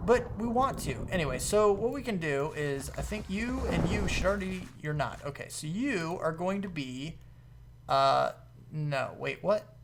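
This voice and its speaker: A man giving casual commentary over his modded gameplay, excitable, laughing often and jumping to high-pitched exclamations. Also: unhurried, background noise. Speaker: gaming video host.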